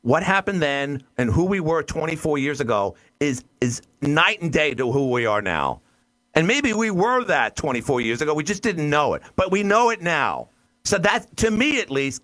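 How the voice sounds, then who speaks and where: A man's voice: on the high side, very animated, normal speed, fairly bright tone. An American man hosting a call-in radio show, blunt and exasperated, often cutting in on callers. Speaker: radio talk show host.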